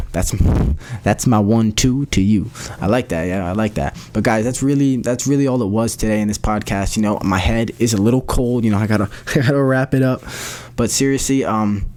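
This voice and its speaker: Young male podcast host, lower-pitched, casual and slangy, talks loosely with restarts. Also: a little mellow. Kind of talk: solo podcast update.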